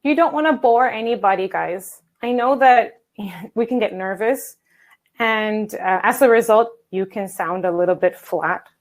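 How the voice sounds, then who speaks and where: A woman English coach giving an online workshop talk from a standing desk, energetic and chatty, calling her viewers guys. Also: mid-range voice, measured pace, rough recording. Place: home office at a standing desk. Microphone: video call.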